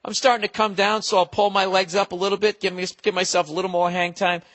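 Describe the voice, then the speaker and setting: A man voicing the unhurried inner monologue of a cocky male basketball star floating through the air. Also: sits high, flat delivery, a bit bright, pitched above the performer's own voice. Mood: leisurely.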